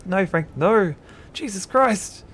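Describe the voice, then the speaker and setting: A man voicing a ruthless male villain gunman, yelling in a strained high voice. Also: moderate pace, a little hiss or hum, close to an everyday voice. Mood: frantic yelling.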